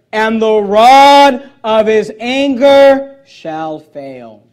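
A man preaching a sermon as pastor, emphatic as he reads out scripture and throws in joking asides. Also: a little mellow. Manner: joking asides, voice jumping high on punch lines.

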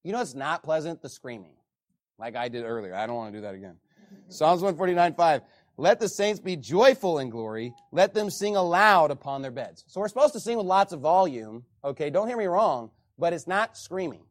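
A man preaching a sermon as pastor, animated, often reading scripture aloud to the congregation. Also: on the high side, a little fast.

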